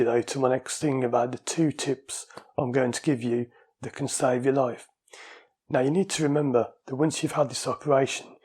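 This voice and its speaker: A man with a husky, slightly breathy voice at a middling pitch tells stories about his own experience in a chatty way, often laughing along. The sound is recorded at home on a small dictaphone. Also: a little mellow. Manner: chatty, anecdotal, laughs while telling stories. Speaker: vlogger sharing his surgery experience. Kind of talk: casual storytelling to camera. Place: at home, indoors.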